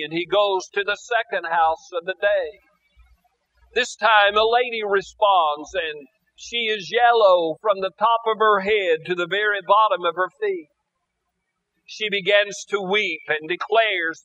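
A male preacher telling a story in a sermon at a church, slow and deliberate with dramatic pauses, on a dull lo-fi recording. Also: high voice, sharp tone.

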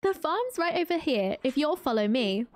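A woman's voice: high voice, big pitch swings, moderate pace. A woman voicing a friendly, practical female carpenter who welcomes a newcomer in a farming game. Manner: welcoming, matter-of-fact.

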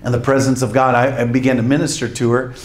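Man, preacher, sermon, scripture reading, storytelling with quick laughs, emphatic asides. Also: mid-range voice, level tone.

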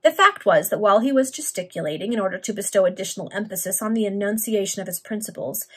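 A woman's voice: mid-range voice, expressive, fast, breathy edge. A woman reading a Victorian serial aloud among friends, often amused by the text. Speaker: reader.

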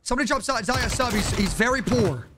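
Excitable high-voiced male game streamer. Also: fast talker, background noise. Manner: excitable, trash-talking, slangy. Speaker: gaming streamer. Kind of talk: live game stream commentary.

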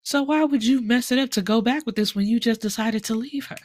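A young woman chatting casually about a book she read, telling the story in a sassy, animated way with lots of asides. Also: fairly high pitch, fairly quick. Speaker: book reviewer. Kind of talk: casual book review chat.

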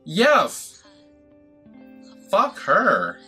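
A man giving casual, animated reaction commentary while he watches a show. He swears freely and breaks into laughing asides. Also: sits high, extremely slow, breathy edge, faint music behind. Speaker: reaction video host.

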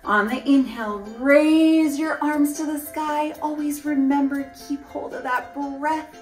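A woman whose voice sits high and stays fairly level, speaking a bit slowly, runs a singing yoga session for kids and their families. Cheerful and encouraging, she sings some of the cues, and the recording is roomy, with music underneath and the mic set at a distance.

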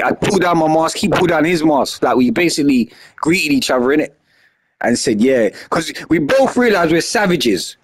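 A young man telling a story casually, animated and slangy, acting out what was said. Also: on the high side, normal speed, breathy edge. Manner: animated, slangy, acts out his own lines loudly.

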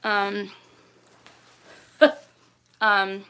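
A young woman hosts a casual livestream, reading viewer comments and chatting with plenty of ums and likes, laughing often. Her medium-pitched voice is monotone, very slow, and fairly bright, with a clean tone.

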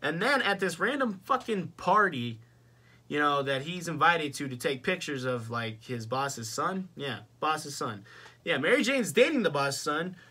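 A man's voice: a little high, bright, forceful tone, breathy edge. A young man ranting casually and profanely in a movie review vlog, exasperated. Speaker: vlogger.

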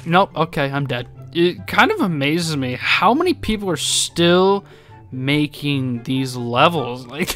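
A man commentating a game casually, excitable, swearing, laughing and yelping apologies to the characters. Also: on the high side. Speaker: gaming YouTuber. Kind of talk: casual let's play commentary.

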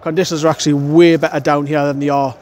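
A man's voice: on the high side, little pitch movement, fast, darkish tone, a little hiss or hum. A young man from North East England, giving an angry, blunt fan reaction outdoors by a stadium, swearing and repeating himself. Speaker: fan channel presenter. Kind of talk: post-match fan reaction. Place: outdoors outside a stadium, wet weather.

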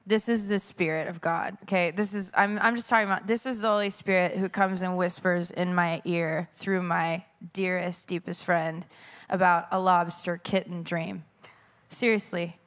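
A woman's voice: on the low side, steady tone, moderate pace. A woman worship leader speaking earnestly about the Holy Spirit, reflective and searching for words.

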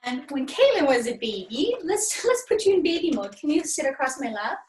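A woman's voice: sits high, sing-song, a little fast. A young woman leading a drama workshop for kids from home, upbeat and encouraging. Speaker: acting teacher. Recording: echoey home room.

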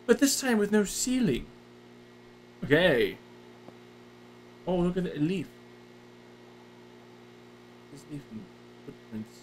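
A man's voice: sits high, very animated, takes it slowly, pauses often, background noise. A young man commenting while playing a horror game, jumpy and joking, often gasping and exclaiming. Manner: jumpy, exclaims "oh" a lot, jokey. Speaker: gaming YouTuber.

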